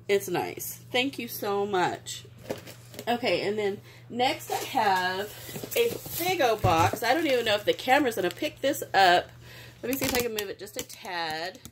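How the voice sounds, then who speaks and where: A craft vlogger opens her mail in a casual unboxing video, gushing, sentimental and exclaiming often. Her voice sits in the mid range, and the background is noisy.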